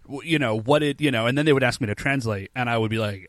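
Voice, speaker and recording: A man's voice: mid-range voice, fast, fairly bright tone, no room sound. A young man co-hosting a podcast in casual chat, laid-back and peppering his talk with "like". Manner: laid-back, says "like" often. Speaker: podcast co-host.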